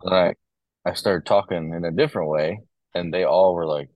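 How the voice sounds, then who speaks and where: Brisk and deep-voiced, a young corrections officer from Ohio swaps stories as a podcast guest, talking loosely with plenty of fillers. The sound is dry and muffled.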